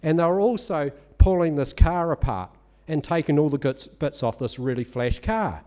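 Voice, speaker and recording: A man giving a conversational sermon, telling a personal story in an animated, storytelling way. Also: fairly high pitch, normal speed. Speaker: lay preacher.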